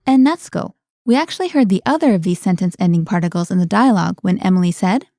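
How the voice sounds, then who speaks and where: A woman hosts a scripted language lesson in a warm, mellow voice. She explains clearly and keeps the lesson moving with guiding questions, heard dry and close to the mic. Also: medium pitch, animated, fast, dry recording.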